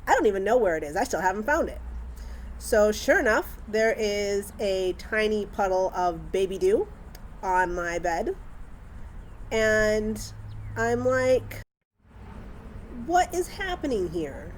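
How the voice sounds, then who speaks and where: A young woman spins casual family anecdotes with a wry, animated delivery, slipping into the dialogue as she tells it. Her pitch sits in a middling range, and a faint hiss of background noise runs under her voice. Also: unhurried. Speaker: mother telling family stories.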